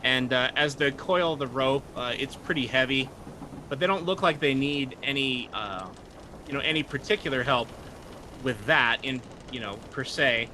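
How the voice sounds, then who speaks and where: A man's voice: mid-range voice, moderate pace, sharp tone, slight background noise. A man narrating as game master of a tabletop game, rambling through scenes with many fillers.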